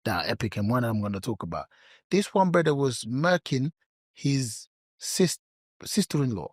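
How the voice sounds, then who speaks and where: Animated man telling stories. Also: mid-range voice, moderate pace, no room sound, clean studio sound. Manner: animated, laughs often, heavy slang. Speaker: podcast co-host. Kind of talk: casual storytelling chat.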